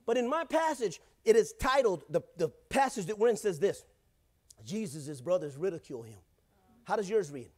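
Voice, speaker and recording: A man's voice: high voice, very animated, moderate pace, darkish tone. A male pastor preaching a sermon in church, in a casual, joking way, often calling out to the congregation.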